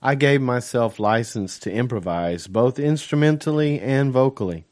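A man reading his own novel aloud as first-person audiobook narration, in a steady, measured way. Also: mid-range voice.

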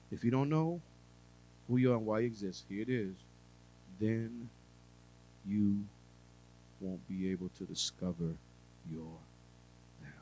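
A preacher giving a sermon to a congregation, talking conversationally with humor and asides, swinging between quiet drawn-out phrases and loud emphasis. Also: male voice, on the low side, steady tone, a little hiss or hum, poor audio.

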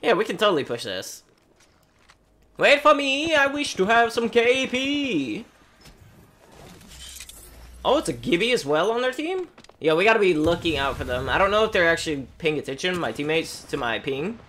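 A man's voice: sits high, moderate pace, pauses often, slight background noise. A man giving live commentary over his own gameplay, taunting opponents and talking to himself as he plays. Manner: animated, taunts enemies, talks to himself. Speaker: gaming streamer.

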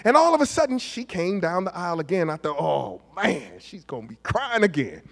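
A man, a pastor preaching a storytelling sermon, moving from hushed asides to shouted peaks. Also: high voice, big pitch swings, a little fast, vocal fry. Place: church sanctuary. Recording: long hall reverb of a church.

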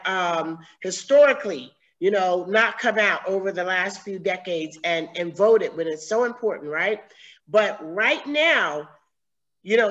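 A woman's voice: mid-range voice, a bit bright, dull audio. A woman from the United States interviewing a guest over a video call, speaking earnestly and emotionally with many fillers.

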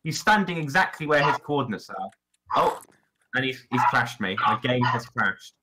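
A man's voice: medium pitch, expressive, normal speed, heavy background noise. A young man casually chatting while streaming a game, rambling and joking and often repeating himself. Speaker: streamer judging builds. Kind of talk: casual gaming stream chat.

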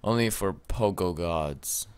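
A young man commenting on his gameplay, excitable and often shouting at the game with mild swearing. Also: low-pitched, slow, clean tone. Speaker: let's play gamer.

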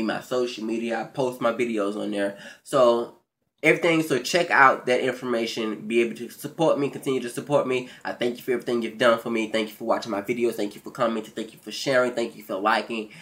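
Hosting his own YouTube channel, a man gives a brisk, casual, profane, and animated recap of a reality show. His pitch and volume leap around, and he stammers and restarts when he gets excited.

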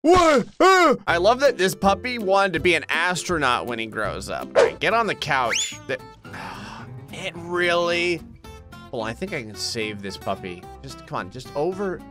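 Young male gaming host, animated, joking, quick to laugh, swooping delivery. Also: fairly high pitch, over music. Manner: excitable, laughs often, jokes at the game. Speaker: gaming YouTuber. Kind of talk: let's-play commentary.

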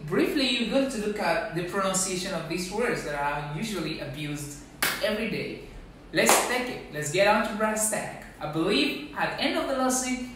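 A man teaching a diction class, slowly repeating words to show how they are said. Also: high voice, heavy background noise. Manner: slow, deliberate, repeats each word. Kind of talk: pronunciation lesson. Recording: very echoey room from a distance.

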